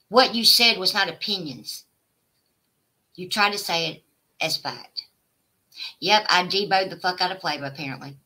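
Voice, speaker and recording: Sharp-voiced woman ranting profanely. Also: lowish voice, rough recording. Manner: profane, taunting, swings between shouting and muttering. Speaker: live streamer. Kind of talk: confrontational livestream rant.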